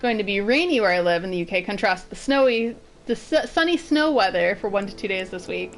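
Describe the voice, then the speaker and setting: A woman's voice: mid-range voice, animated, fairly quick. A woman from Massachusetts giving casual, rambling commentary while streaming a game. She laughs often.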